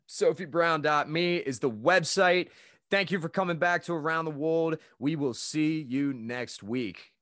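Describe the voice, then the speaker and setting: A man's voice: fairly high pitch, a little slow, a bit bright, dry recording. A young man hosting a casual podcast chat, laid-back and slangy, laughing often. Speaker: podcast host.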